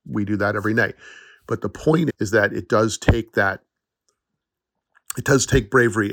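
A man's voice: fairly low pitch, a bit bright, no room sound, clean studio sound. A man hosting a solo podcast, talking earnestly and encouragingly in a casual, conversational way. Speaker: podcast host.

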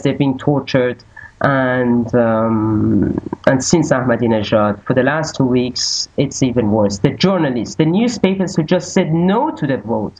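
Guest: husky woman from Iran, lively pitch, earnest and halting, muffled lo-fi sound. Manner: earnest, halting, with many restarts. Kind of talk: casual podcast discussion.

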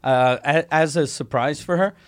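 Male comedian, podcast host, a bit high-pitched, foul-mouthed storyteller who laughs at his own jokes. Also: normal speed. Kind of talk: casual podcast banter.

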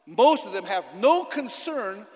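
A man preaching a sermon in church as the pastor, impassioned and building to loud emphatic declarations. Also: sits high, animated, unhurried. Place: church hall. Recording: hall reverb.

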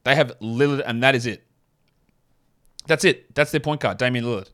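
A man's voice: medium pitch, a bit bright. A man with a non-American accent hosting a fantasy basketball show, talking through his picks in a chatty, opinionated way. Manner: chatty, opinionated, quick asides. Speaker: fantasy basketball podcast host. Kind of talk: casual solo analysis with ad read.

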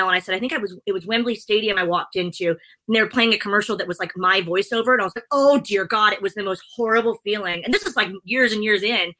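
A woman's voice: medium pitch, pushed and bright, rough recording. A middle-aged woman, a presenter, chatting as an interview guest in a bubbly, chatty way. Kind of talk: casual interview chat.

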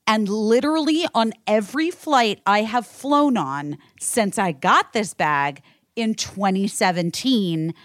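A woman from the United States hosting a podcast, telling a story in a profane, animated rant. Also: mid-range voice, dry recording, clean studio sound. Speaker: podcast host. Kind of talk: casual podcast chat.

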